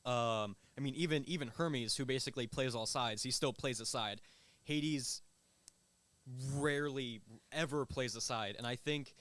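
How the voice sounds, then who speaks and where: A man's voice: mid-range voice, normal speed, fairly bright tone, dry recording. A young man who is a guest on a radio show, explaining in a rambling, casual way full of fillers. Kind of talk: casual chat. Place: radio studio.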